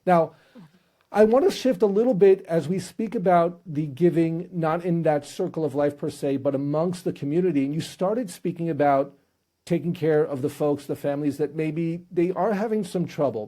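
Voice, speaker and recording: A man's voice: a little high, moderate pace, mellow. A male podcast host interviewing guests, telling a humorous story with casual restarts.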